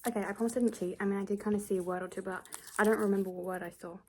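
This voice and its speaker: A woman's voice: medium pitch, fairly even intonation, very fast, mellow, slight background noise. A nineteen-year-old woman chatting casually to camera as a book vlogger, rambling with giggly asides.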